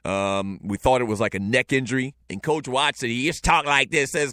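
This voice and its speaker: Joking Lowcountry Southern man host. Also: normal speed, hardly any pauses, bright, forceful tone. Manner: loose, joking, storytelling with frequent fillers. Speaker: show host. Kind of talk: casual talk show reading chat.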